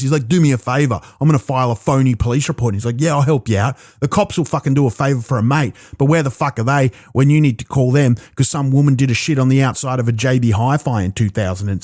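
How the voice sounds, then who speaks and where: A man with an Australian accent doing a profane, animated stand-up set alone in his own room, stammering into restarts. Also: mid-range voice, no room sound, clean studio sound. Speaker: stand-up comedian. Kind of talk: stand-up comedy performed alone.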